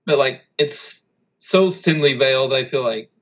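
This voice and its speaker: Male podcast co-host, average pitch, relaxed and hedging, slightly muffled mic. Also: measured pace. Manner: casual, hedging, laughs often. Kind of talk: casual political chat.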